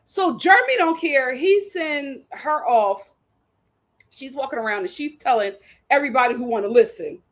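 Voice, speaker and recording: A young woman, retelling a reality show episode as host in casual, sassy commentary. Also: a little high. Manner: animated storytelling with sassy asides.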